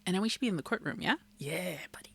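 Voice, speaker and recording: A woman's voice: medium pitch, lively intonation, racing, background noise. Playful woman commenting on a game. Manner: playful, giggly asides. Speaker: let's play streamer. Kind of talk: casual game commentary and voice reading. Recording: game music behind voice.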